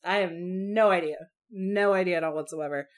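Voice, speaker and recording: Chatty young woman, lowish voice. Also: normal speed. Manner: chatty, lots of fillers, swears casually. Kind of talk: casual chat about film adaptations.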